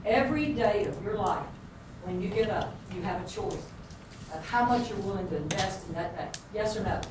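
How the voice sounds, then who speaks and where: A woman's voice: medium pitch, normal speed. A woman, a basketball coach giving an earnest, folksy motivational speech. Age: 50s. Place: large hall with an audience. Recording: echoey hall, far-off mic, noisy.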